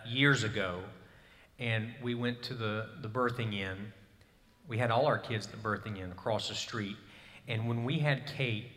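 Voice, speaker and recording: This pastor, a man in his thirties, has a sharp, lowish voice as he earnestly relates a personal story within his sermon. He rises to emphatic bursts, and hall reverb colors the recording.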